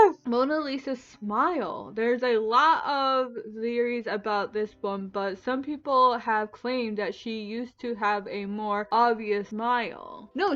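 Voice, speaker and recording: A young woman vlogging her reactions in casual, animated talk, breaking into incredulous, swearing outbursts. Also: a little high, highs cut off. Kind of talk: reacting to Mandela effects, casual vlog.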